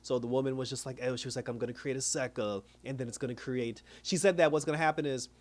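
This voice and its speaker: A man's voice: medium pitch, fairly even intonation, fast talker. A man casually recapping and reviewing a TV episode, chatty and laughing often as he retells scenes. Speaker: TV show reviewer.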